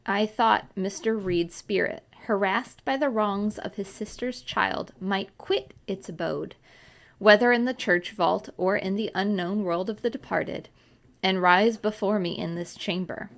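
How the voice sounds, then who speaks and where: A woman reading a classic novel aloud in a measured, expressive way. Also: medium pitch, creaky. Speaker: audiobook reader.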